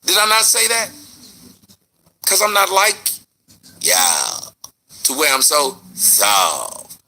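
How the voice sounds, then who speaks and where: A man hosting his online show, answering a critic in an animated, rhetorical commentary rant. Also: fairly high pitch, slow pace, a little hiss or hum. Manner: animated, rhetorical, mocking retorts.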